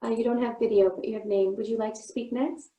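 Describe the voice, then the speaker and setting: Female memorial host, mellow tone, roomy echo, calls on speakers. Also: fairly high pitch, fairly even intonation, quick pace. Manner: gentle, calling on speakers one by one. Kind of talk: moderating a video call. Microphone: video call.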